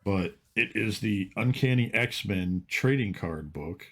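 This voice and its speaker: A man's voice: fairly low pitch, animated, slow, a bit bright. A man hosting a podcast, chatting in a laid-back, rambling way with lots of "like" and "dude". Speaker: podcast host. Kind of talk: casual chat.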